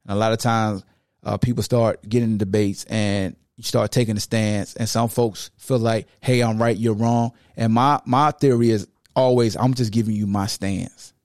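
A young man hosting a sports podcast, talking in a relaxed, slangy, conversational way. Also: lowish voice, moderate pace, no echo, studio quality. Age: young adult. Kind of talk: casual podcast talk.

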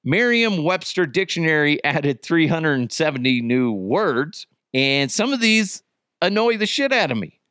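A man's voice: on the high side, big pitch swings, measured pace, a bit bright, clean tone, no echo, studio quality. A middle-aged man hosting a podcast, ranting about news headlines in a profane, exasperated, comedic way. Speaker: podcast host.

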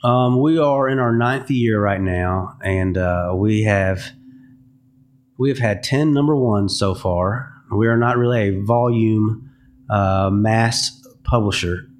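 A man with a lowish voice tells candid stories in a podcast interview, slipping into the voices of the people he quotes. He talks as a music publisher. A faint hum of ambience sits behind him. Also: takes it slowly. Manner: candid storytelling, acts out quoted dialogue.

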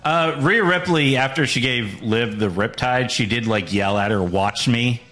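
A man co-hosting a podcast in casual chat, his voice bright and forward. He talks chattily, dropping "like" into his sentences as he recaps. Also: medium pitch, normal speed, soft background music. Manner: chatty, says "like" a lot. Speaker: podcast co-host.

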